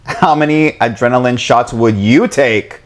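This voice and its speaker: A woman's voice: rumbling low, measured pace. A woman co-hosting a podcast in casual chat, laughing often and leading the segments. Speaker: podcast co-host.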